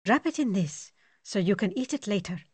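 A woman voicing a grave, formal male army surgeon who speaks in measured tones. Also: mid-range voice, lively intonation, darkish tone, slightly rough, dry recording.

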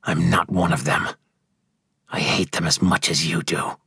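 A male narrator voicing a defiant young male apprentice held prisoner, bitter and angry, in a gravelly, husky voice. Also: low-pitched, fairly even intonation, unhurried, sharp tone, dry recording, studio quality, pitched below the performer's own voice, heavily acted. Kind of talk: audiobook character voice.

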